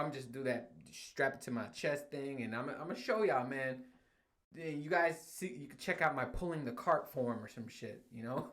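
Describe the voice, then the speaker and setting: A young man talks straight to his listeners in a loose, profanity-laced rant. His voice sits at an ordinary middle pitch, and he keeps laughing and breaking into exaggerated outbursts as he tells his stories. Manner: profane, animated storytelling with frequent laughs. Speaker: podcast host. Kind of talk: casual solo rant.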